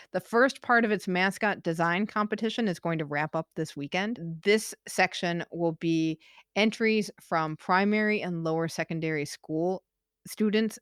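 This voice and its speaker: A woman co-hosting a podcast, reading out news updates in a careful, measured way and laughing easily between items. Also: on the low side, no echo, studio quality. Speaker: podcast co-host. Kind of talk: casual news chat.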